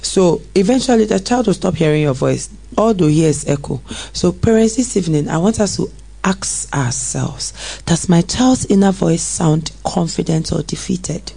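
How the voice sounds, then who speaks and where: A preschool educator, telling a classroom story to parents in an earnest, animated way. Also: mid-range voice, normal speed, creaky, breathy edge, low-quality recording. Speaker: preschool educator and guest speaker.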